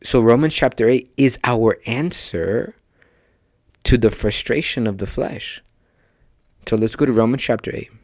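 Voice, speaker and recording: A man's voice: mid-range voice, unhurried, long pauses, darkish tone, no echo, studio quality. A man teaching a conversational sermon on a podcast, emphatic and speaking straight to his listeners. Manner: emphatic, talks directly to listeners. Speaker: podcast preacher.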